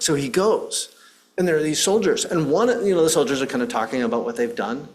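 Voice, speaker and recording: Earnest male minister telling a story. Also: on the high side. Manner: earnest, with frequent restarts and pauses. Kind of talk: sermon storytelling.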